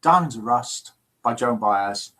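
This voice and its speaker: A man hosting a live call-in show, in a jokey, lively manner, chatting and reading out listener messages. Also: medium pitch, measured pace.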